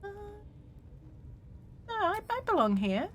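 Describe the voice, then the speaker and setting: A woman's voice: very high-pitched, very animated, takes it slowly, a little hiss or hum. A woman streaming a video game, talking through her choices in a playful, giggly way. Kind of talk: casual gaming commentary.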